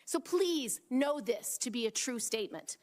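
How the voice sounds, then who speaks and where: A woman's voice: fairly high pitch, expressive, moderate pace, darkish tone. A woman senator questioning a nominee at a hearing, pointed and indignant, often restarting her sentences.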